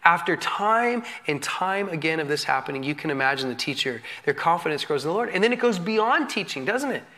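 A male pastor giving a candid, self-deprecating sermon, telling stories with an animated manner and occasional laughs. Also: a little high, brisk. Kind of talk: sermon teaching.

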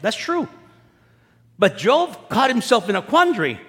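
High-voiced male pastor preaching in a reverberant hall. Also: wildly swooping pitch, moderate pace, a bit bright. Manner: conversational preaching with rhetorical questions. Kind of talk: sermon.

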